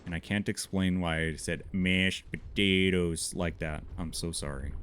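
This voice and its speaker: A man's voice: low voice, steady tone, unhurried, fairly bright tone, a little hiss or hum. Man with a Minnesotan accent, streamer type; laid-back pace, easy laughs, chats with viewers between plays. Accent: Upper Midwestern (Minnesotan). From Montana, USA. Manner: chatty, answers chat while playing, laughs often. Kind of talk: casual gameplay commentary.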